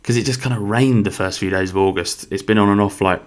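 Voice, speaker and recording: Deep-voiced young podcaster, rambling. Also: male voice, steady tone, quick pace. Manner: rambling, swears freely. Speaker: podcast host. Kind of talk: casual solo podcast monologue. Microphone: podcast microphone.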